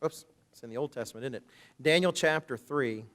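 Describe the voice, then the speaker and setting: Preacher man, dramatic swings in volume. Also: a little fast. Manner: dramatic, swings between loud emphatic quotes and low hushed asides; conversational and jokey between scripture readings. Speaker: minister. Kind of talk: sermon.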